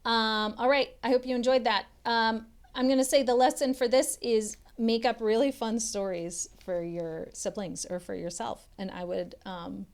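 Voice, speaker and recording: A woman, a literacy tutor, reading a children's picture book aloud with expressive storybook delivery and chatty asides to young listeners. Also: a little high, normal speed, hardly any pauses.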